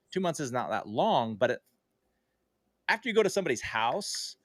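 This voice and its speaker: Speaking at a normal pace with a sing-song lilt, this medium-pitched man is a guest on a podcast. He tells a relaxed story full of fillers and corrections of himself, livening up his tone for quoted dialogue, with no room sound in the recording.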